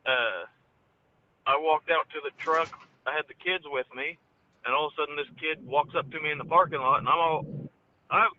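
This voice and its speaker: A man calling in, telling rambling stories from his day and quoting the people he met. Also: slight background noise. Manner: rambling anecdotes, quotes people in a higher voice. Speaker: caller. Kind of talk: casual storytelling. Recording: tinny phone line.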